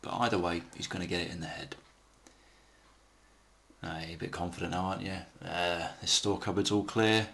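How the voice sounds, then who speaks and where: A man's voice: sits low, flat delivery, normal speed, vocal fry, long pauses, fairly bright tone. A man co-hosting a casual film commentary, chatty, swearing freely and laughing at his own anecdotes.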